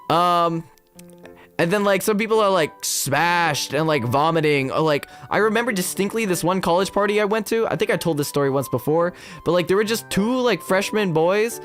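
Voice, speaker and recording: A young man chatting on his stream, his pitch jumping all over as he rambles through stories full of fillers. Faint music plays behind him. He talks straight into a desk mic at home. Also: expressive, normal speed, a bit bright. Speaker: VTuber streamer. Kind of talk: casual chat stream.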